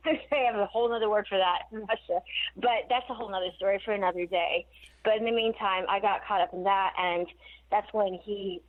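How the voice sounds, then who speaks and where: A woman in her forties calls in to an interview and rambles through long, winding stories, laughing now and then. Her voice sits at an ordinary middle pitch and comes through a thin, tinny phone line. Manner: rambling, digressive storytelling with laughs. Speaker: interview guest. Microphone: phone call.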